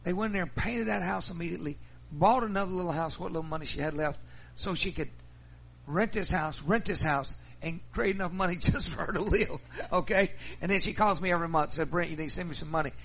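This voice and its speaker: A man's voice: sits high, brisk, creaky, fairly bright tone, breathy edge, highs cut off. A middle-aged man, a pastor telling folksy stories in a sermon. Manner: folksy storytelling.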